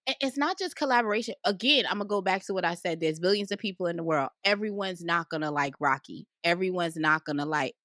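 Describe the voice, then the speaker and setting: A woman guest talking business in an animated, casual interview, loud and given to cackling laughs. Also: lowish voice, fast talker, few pauses, no room sound, studio quality. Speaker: podcast guest, credit consultant.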